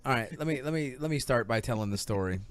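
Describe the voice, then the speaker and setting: Animated, lively storytelling man. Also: mid-range voice, fast talker, smooth, no room sound. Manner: animated storyteller, acts out quotes. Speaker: podcast host. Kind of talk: casual chat, storytelling.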